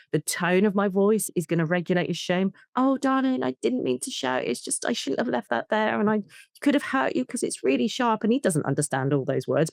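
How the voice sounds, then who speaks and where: A woman, a therapist, talking in an interview, explaining with lively examples and acting out short bits of dialogue. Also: on the low side, no echo, clean studio sound. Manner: animated, acts out child and parent voices in examples. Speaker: attachment and trauma therapist, guest. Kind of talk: conversational interview.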